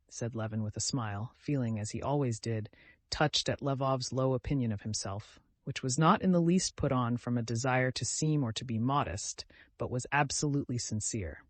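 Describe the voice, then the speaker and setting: A man reading a classic novel aloud as an audiobook narrator, in an even, measured way. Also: medium pitch, no room sound. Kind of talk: scripted narration.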